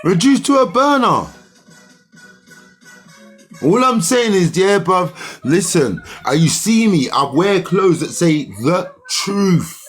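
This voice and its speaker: A young man rants heatedly at his livestream commenters. His husky voice sits high and swings widely in pitch as he argues. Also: lively intonation, slow, faint music behind. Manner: heated, argumentative, slangy. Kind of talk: ranting livestream monologue.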